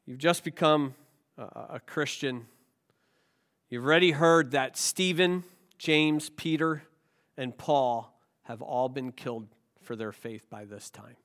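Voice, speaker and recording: A man's voice: mid-range voice, takes it slowly, fairly bright tone. A male pastor with a cold, preaching a sermon with rhetorical questions and self-deprecating jokes. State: has a cold.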